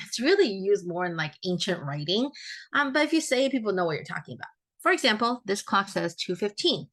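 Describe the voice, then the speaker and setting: A woman's voice: mid-range voice, fairly bright tone. A woman teaching a recorded Chinese grammar lesson, explaining step by step in a friendly way and correcting her own slips aloud.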